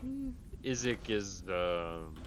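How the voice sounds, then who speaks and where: A man's voice: low-pitched, huge pitch swings, slow. A man narrating as game master, hesitant and full of fillers. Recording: faint background noise.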